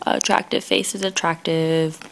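A young woman talks to her camera late at night from her bedroom, rambling and giggling, slightly out of breath. Her voice has a gravelly fry, with a faint hiss in the background. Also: sits low, flat delivery, measured pace, a bit bright, poor audio. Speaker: vlogger. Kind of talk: casual late-night vlog.

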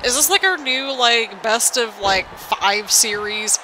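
Woman, young adult, casual game commentary, rambling, high-ish voice. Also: slow, pushed and bright, a little hiss or hum. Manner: chatty, rambling, laughs often. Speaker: gaming channel host. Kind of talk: casual let's-play commentary.

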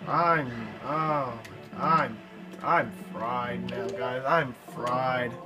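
A man's voice: mid-range voice, steady tone, drawn-out words, rough recording. A young man commentating a video game he is playing, frustrated and swearing often. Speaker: gameplay commentator. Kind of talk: let's play commentary. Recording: game music underneath.

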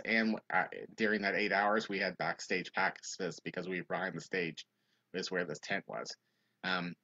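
A young youth minister chats casually on a livestream, telling a funny story animatedly and reading viewer comments. He does high-pitched voices for the people he quotes, and the audio is dull and lo-fi.

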